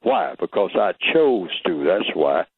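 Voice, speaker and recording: A man's voice: medium pitch, animated, normal speed, no echo. Older man lecturing over a tinny phone line. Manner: emphatic, rhetorical questions, teacherly. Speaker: guest. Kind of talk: radio interview talk.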